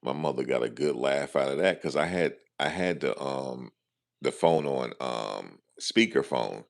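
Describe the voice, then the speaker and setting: A man's voice: rumbling low, a little slow, vocal fry. A man vlogging casually, telling a story in loose American slang with lots of asides. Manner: animated, slangy, lots of "you know what I'm saying".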